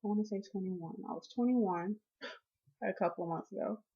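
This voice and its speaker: Lively woman in her twenties telling her story. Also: mid-range voice, fairly quick, breathy edge, highs cut off. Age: 20s. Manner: animated, acts out her own and others' quoted lines. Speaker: vlogger. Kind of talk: personal storytelling to camera.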